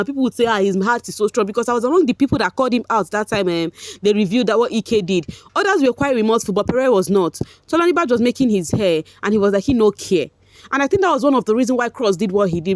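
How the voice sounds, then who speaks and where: A woman's voice: mid-range voice, no echo, studio quality. Chatty Nigerian woman recapping gossip. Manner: chatty, animated, laughs often, slips into Pidgin. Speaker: vlogger recapping a reality show. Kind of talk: casual commentary.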